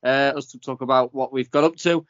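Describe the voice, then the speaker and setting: A man's voice: medium pitch, steady tone, a little fast, no echo, dull audio. A man hosting a podcast, talking in a hesitant, good-humored way with many fillers. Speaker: podcast host. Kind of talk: casual podcast chat.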